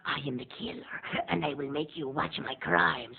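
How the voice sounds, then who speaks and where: A man voicing an obsessive male killer in a slow, menacing whisper, on a tinny lo-fi recording. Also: on the high side, gravelly.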